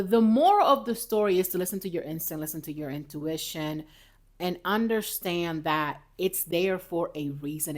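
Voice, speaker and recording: A lively woman hosting a chatty motivational podcast. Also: on the low side. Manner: lively, chatty, talks straight to viewers as "y'all"; sips coffee while talking. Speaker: podcast host. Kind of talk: casual motivational podcast chat.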